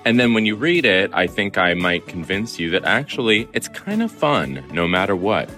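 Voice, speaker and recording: A man who writes as a columnist is a guest on the show, and his voice is very deep yet bright and forceful. He talks in a playful, animated way with a lively pitch. Faint music plays behind him. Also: normal speed. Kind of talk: interview conversation.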